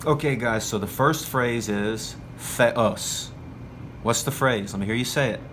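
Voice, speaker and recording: Man, teacher, patient, encouraging, slow repeated drills, faint background hiss. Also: medium pitch, a bit bright. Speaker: Greek teacher trainer. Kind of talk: demonstrating a classroom lesson.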